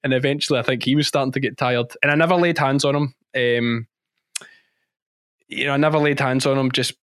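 A man, a sheep farmer and former policeman, recounting a story in a podcast interview with emphatic, animated delivery and frequent restarts. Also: medium pitch, fairly quick, dry recording, studio quality.

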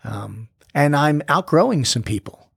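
A man's voice: a little high, expressive, unhurried, gravelly, husky, no room sound, clean studio sound. A man who is a former military operator, talking candidly as a podcast guest, intense and blunt, swearing freely and often restarting his sentences. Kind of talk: candid conversational interview.

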